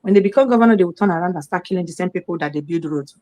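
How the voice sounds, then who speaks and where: A woman's voice: fairly low pitch, racing. A middle-aged woman with a Nigerian accent, a guest on a live talk program, telling a personal story and acting out what other people said. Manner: animated, acts out the quoted voices of others.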